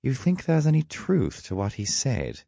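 A man's voice: medium pitch, wildly swooping pitch, moderate pace, creaky, mellow, no room sound, clean studio sound, pitched above the performer's own voice, heavily acted. A man voicing a sarcastic, cowardly young male trickster god with a wisecracking manner. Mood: wry. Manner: wisecracking, snarky.

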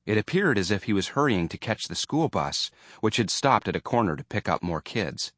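A man narrating an audiobook in a measured storytelling manner. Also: on the low side, sing-song, fairly bright tone, no echo. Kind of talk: scripted narration.

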